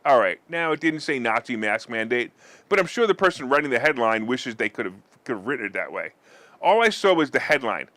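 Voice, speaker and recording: A man's voice: mid-range voice, big pitch swings, fairly quick, fairly bright tone, dry recording. A man hosting a finance and politics show, reading his commentary with sarcastic asides. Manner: sarcastic, mock-weeping theatrics. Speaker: host.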